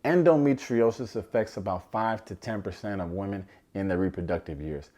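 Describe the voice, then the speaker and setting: A man's voice: low voice, a little fast, mellow. Joking, sarcastic man recapping a show. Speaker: TV recap reviewer. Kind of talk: casual comedic recap.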